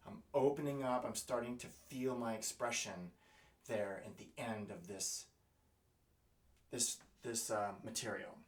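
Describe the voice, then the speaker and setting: A man teaching double bass, thinking aloud in a halting way with fillers and scatting rhythms as he plays. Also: fairly even intonation. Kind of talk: music lesson, thinking aloud while playing. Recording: roomy, mic at a distance. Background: double bass playing.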